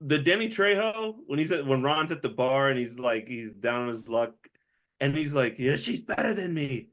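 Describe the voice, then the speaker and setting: A man's voice: mid-range voice, normal speed. A man co-hosting a movie podcast, chatting casually and acting out quotes with frequent laughter. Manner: animated, laughs often, acts out movie quotes. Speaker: podcast co-host. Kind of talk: casual movie review chat.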